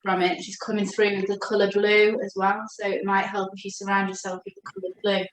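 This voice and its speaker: A woman giving a gentle, reassuring spiritual chakra reading as a coach. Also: mid-range voice, little pitch movement, slight background noise. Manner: gentle, reassuring, speaks slowly when addressing her guide. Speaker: oracle card reader and coach. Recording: echoey room.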